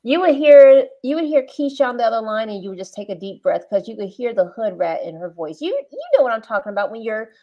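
A woman guest telling a story loudly in a casual panel chat. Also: on the high side, expressive, fast talker, hardly any pauses. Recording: muffled lo-fi audio.

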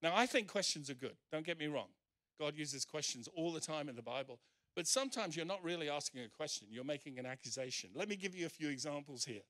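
A man's voice: a little high, expressive, fast talker, fairly bright tone. A male pastor preaching emphatically at a church service, acting out the scripture quotes he reads. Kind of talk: sermon.

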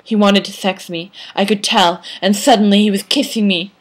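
A woman reads her own amateur fan fiction aloud with dramatic delivery. Her voice sits at a middle pitch. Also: fairly even intonation, moderate pace, husky.

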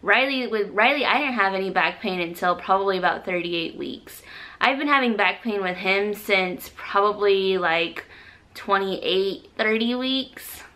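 Young woman vlogger, breathless, rambling chat, bright tone. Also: medium pitch, measured pace. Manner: chatty, rambling, many fillers. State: short of breath. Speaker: pregnancy vlogger. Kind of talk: casual chat to camera.

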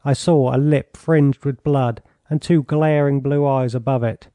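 This is scripted audiobook narration by a man with a mid-range voice, recorded close on a studio mic with no echo. He tells the story in a measured, even way.

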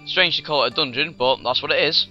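Guy rambling through a let's play, bright sharp voice, lots of um and sudden yelps, muffled lo-fi audio with faint game music. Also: fairly high pitch, quick pace. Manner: rambling and excitable, with many fillers and sudden outbursts. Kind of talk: video game commentary. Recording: dull lo-fi recording.

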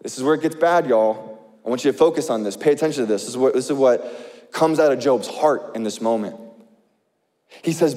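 A man preaching a sermon as pastor, animated and conversational, with asides to the congregation, recorded live in a large church hall. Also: mid-range voice, fairly quick.

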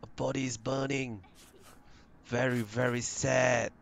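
A man's voice: medium pitch, flat delivery, takes it slowly, creaky, noisy background. A man hosting a let's play, chatting playfully through casual gameplay commentary and talking to his game characters.

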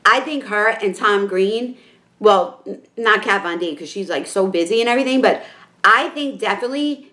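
Woman, New York accent, makeup vlogger, excitable, rambling, lots of fillers, mid-pitched voice. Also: normal speed. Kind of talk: casual chat to camera.

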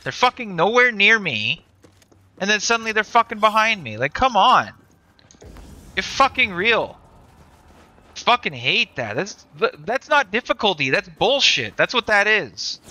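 A young man livestreams a shooter and vents nonstop, swearing at enemies and the game. His voice is high and very bright, with pitch that leaps around as he complains. He talks close to his desk mic. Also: sing-song, moderate pace. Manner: frustrated, swearing, ranting. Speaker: game streamer. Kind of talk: live gameplay commentary.

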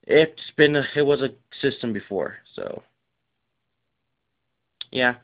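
A tired man rambling casually through his game collection, with lots of fillers and rushed asides. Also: mid-range voice. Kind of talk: casual unscripted show-and-tell. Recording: dull lo-fi recording.

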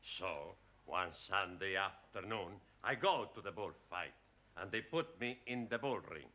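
A man's voice: low-pitched, lively intonation, measured pace, exaggerated voice. A man voicing a boastful male student from Spain with a Spanish accent and broken English, in a sitcom dub. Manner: broken English, laughs at own jokes. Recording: loud background noise.

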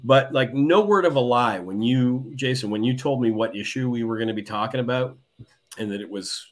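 A man's voice: medium pitch, fairly quick. A man appearing as a guest cartoonist in a casual comic book discussion, talking thoughtfully and analytically. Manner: thoughtful, analytical, with many restarts.

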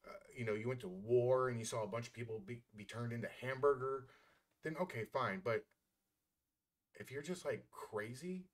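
Dude ranting at a clip, scornful, swears a lot, regular mid voice. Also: male voice, medium pitch, moderate pace. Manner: blunt, scornful, swears freely. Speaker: reaction commentator. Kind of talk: heated reaction commentary.

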